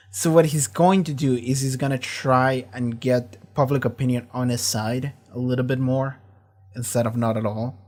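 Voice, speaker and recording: A man hosting a casual reaction commentary on a TV episode, talking in an animated, profane, rambling way. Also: medium pitch. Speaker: show reaction host.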